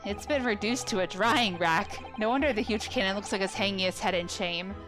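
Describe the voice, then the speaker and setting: A woman's voice: mid-range voice, fairly quick. A young woman casually commentating a game with playful, joking asides. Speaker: let's play gamer. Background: game music.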